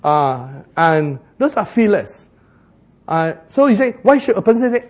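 Husky man preaching with humor. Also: high voice, very animated, a little slow. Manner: jokey, laughs often, rising to loud bursts. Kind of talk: sermon.

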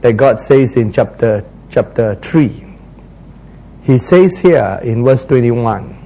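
A man's voice: mid-range voice, slow, creaky, dark tone, a little hiss or hum, low-quality recording. A man preaching a sermon, retelling scripture in an earnest, repetitive way.

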